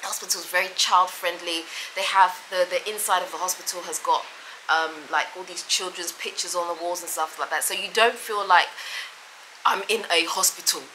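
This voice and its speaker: A woman's voice: lowish voice, fairly even intonation, brisk, pushed and bright, a little hiss or hum, rough recording. A woman vlogger talking casually to camera, rambling and emphatic, often repeating herself. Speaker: vlogger and mother.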